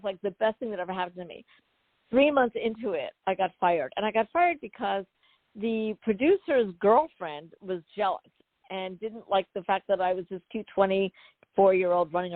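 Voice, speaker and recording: A woman guest on an interview show, telling a personal story in a chatty, animated way with many asides. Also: medium pitch, no echo. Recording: phone-like dry call audio.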